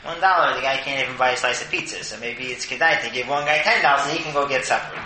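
A man gives a casual Torah talk in a mid-pitched voice, animated and often stumbling over repeated words. The room around him is echoey. Clear noise sits in the background. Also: quick pace. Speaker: Torah teacher.

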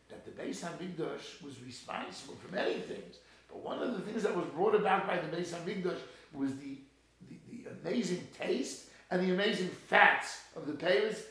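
Man, Torah lecture, gravelly, slightly high voice, loud quotes and hushed asides, very echoey room. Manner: swings between loud emphatic quoting and low hushed asides. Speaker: rabbi giving a Torah talk.

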